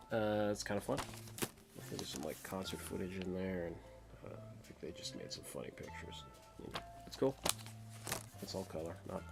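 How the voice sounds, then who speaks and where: On his record collection vlog, a man with a lowish voice rambles through crude jokes and casual talk. His sentences tend to fade out into mumbling.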